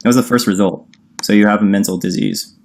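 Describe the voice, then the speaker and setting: A man's voice: on the low side, steady tone, quick pace, gravelly. A man on a livestream call arguing insistently, reading definitions aloud and cutting in. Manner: insistent, reads definitions aloud, talks over the other person. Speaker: livestream debater. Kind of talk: heated livestream argument.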